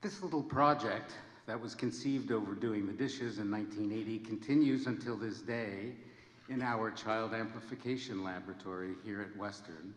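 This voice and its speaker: A man in his seventies gives an earnest, measured ceremony speech in a large hall. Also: fairly low pitch, fairly even intonation. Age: 70s. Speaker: honorary degree recipient giving a speech. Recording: echoey hall with long reverb.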